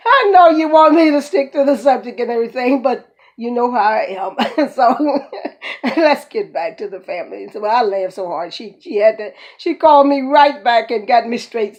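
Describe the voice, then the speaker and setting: A woman's voice: medium pitch, muffled recording. A woman with a mix of Northern and Southern American accents, telling rambling stories as a community host and laughing often. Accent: mixed Northern and Southern US. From United States. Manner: rambling, laughs often, speaks warmly to listener as "baby". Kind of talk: casual storytelling monologue.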